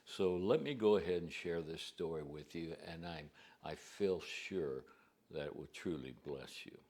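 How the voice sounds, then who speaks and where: Deep-voiced preacher, slow homespun storytelling, conversational. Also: male voice, darkish tone. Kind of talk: storytelling to a congregation.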